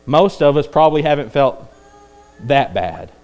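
A man preaching a sermon, climbing to intense peaks and then dropping low and quiet. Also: lively intonation, moderate pace. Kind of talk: evening sermon.

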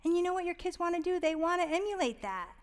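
A woman giving a heartfelt, rambling devotional talk about parenting, sometimes dropping to a hushed whisper on tender points. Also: very high voice, animated, quick pace, in a large hall. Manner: rambling, many fillers and restarts. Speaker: Christian parenting speaker.

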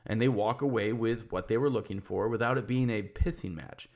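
He's a man in his thirties with a lowish, slightly mellow voice and a slightly fast pace. As a podcast host and business owner, he speaks casually and frankly in a monologue, swearing freely and backing up to restart sentences as he thinks.

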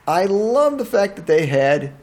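A man with a fairly high voice hosts a casual movie-review podcast. He rants in an animated, incredulous way and swears freely. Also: unhurried. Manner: animated, profane, incredulous ranting.

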